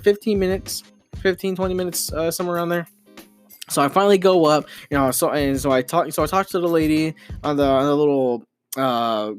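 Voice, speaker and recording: A young man hosting a casual podcast, rambling with lots of fillers and restarts as he tells a frustrating story into his home microphone. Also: fairly high pitch. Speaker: podcast host.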